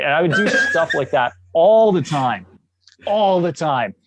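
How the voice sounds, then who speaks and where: A man from Canada, a guest on a podcast, telling stories in a jovial, enthusiastic, animated way. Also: on the high side, a little slow, dry recording. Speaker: guest, actor. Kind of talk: casual podcast interview.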